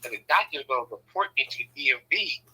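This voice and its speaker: A man from Southern California telling personal stories in a casual, animated way, swearing freely and acting out the voices he quotes. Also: medium pitch, fast, a little hiss or hum, rough recording. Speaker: speaker sharing personal stories. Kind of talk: casual storytelling.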